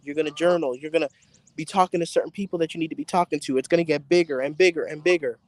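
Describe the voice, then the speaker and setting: Excitable man chatting on a live stream. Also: on the high side, rapid-fire, no room sound. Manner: excitable, chatty, swears casually, addresses viewers directly. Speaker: psychic tarot reader hosting a live stream. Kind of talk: casual live-stream reading. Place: outdoors in bright sun.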